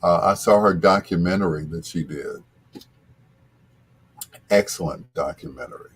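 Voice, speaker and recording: A man hosting a radio show, telling a casual story in a rambling way, full of restarts and asides, with his voice jumping up when he gets excited. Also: low-pitched, moderate pace, a little hiss or hum.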